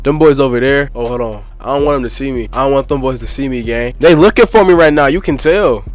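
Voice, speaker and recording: A man's voice: medium pitch, fast, soft background music. A young man giving casual gameplay commentary, hyped and full of slangy trash talk. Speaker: gaming YouTuber.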